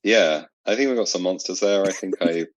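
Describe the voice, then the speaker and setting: A British man with an extremely deep, low voice talks in a halting, relaxed way, full of "uh" and "like". His audio sounds dull and lo-fi, with a dry, close sound and no room echo. He is a guest on a casual podcast. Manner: halting, filler-heavy. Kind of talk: casual chat.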